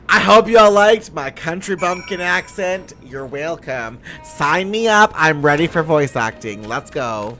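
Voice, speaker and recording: A male streamer chatting casually and jokingly on a live stream. His voice is bright and a bit higher than most men's, full of animated swings. Faint music plays behind him. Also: measured pace, hardly any pauses. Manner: joking, laughing, profane asides.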